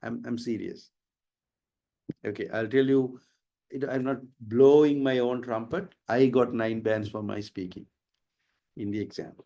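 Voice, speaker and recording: A man's voice: medium pitch, steady tone, a little slow, gravelly, pauses often, warm tone. Sri guy lecturing in a webinar, explains stuff, flips into sinhala now and then, middle aged. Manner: explanatory, switches between English and Sinhala. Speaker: IELTS trainer.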